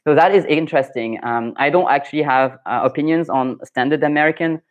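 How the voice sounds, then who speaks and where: A man's voice: fairly high pitch, fairly quick, dull audio. French man chatting frankly on a live stream. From France. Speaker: French pronunciation coach hosting a live stream. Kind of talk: casual live Q&A, reading viewer comments.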